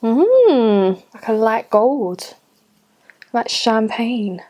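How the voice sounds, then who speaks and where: A woman's voice: fairly high pitch, very animated, extremely slow, dark tone. A woman in her late twenties chatting casually through a makeup tutorial, gushing and talking to herself as she goes. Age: late 20s. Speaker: beauty vlogger. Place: home room at a cluttered desk.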